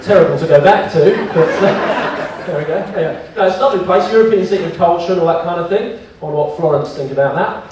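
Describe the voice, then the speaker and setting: A man's voice: high voice, fast talker, recorded from a distance. A man in his thirties giving a seminar talk as guest speaker, a self-mocking joker who tells funny stories to an audience. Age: 30s. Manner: joking, self-mocking storyteller. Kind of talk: comic business seminar talk. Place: large hall with an audience. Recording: echoey hall, picked up from afar, with noise.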